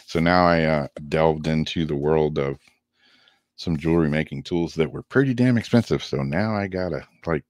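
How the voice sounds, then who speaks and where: A relaxed man chatting on a casual livestream, his voice sitting very deep. He is losing his voice and laughs easily between thoughts. The sound is dry and close, with no room echo. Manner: laid-back, laughs easily. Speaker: co-host.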